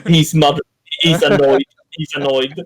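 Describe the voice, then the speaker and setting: A man speaking as a player in a tabletop game, gruff and blunt. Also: on the high side, flat delivery, unhurried, crowd noise. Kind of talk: casual tabletop play.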